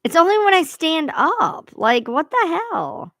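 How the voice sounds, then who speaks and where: A woman's voice: very high voice, big pitch swings, unhurried, fairly bright tone. A woman hosts a casual livestream, talking to her viewers in a loose, rambling way. She swears freely, and her voice rises and falls a lot. The sound is dry, with no room echo. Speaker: livestream host.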